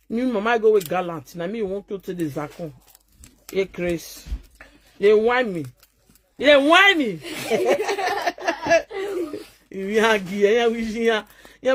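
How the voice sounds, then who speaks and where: A woman with a thick Nigerian Pidgin English accent rants at her viewers in a vlog, taunting and scolding them. She talks in a chanting, mocking way and keeps repeating her jabs. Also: medium pitch. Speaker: social media vlogger.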